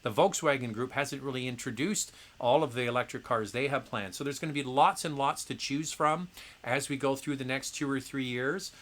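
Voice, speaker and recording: Middle-aged guy doing a live q&a, bright forceful voice, chatty and opinionated, lots of ums. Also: mid-range voice, moderate pace. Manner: chatty, opinionated, frequent fillers and restarts. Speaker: host answering viewer questions. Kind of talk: casual livestream Q&A.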